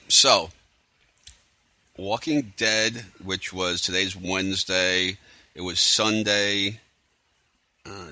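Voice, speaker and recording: A man's voice: low voice, creaky, pushed and bright, no room sound. A man casually recapping a TV episode on his own, rambling with lots of fillers and sarcastic asides. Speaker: TV recap vlogger.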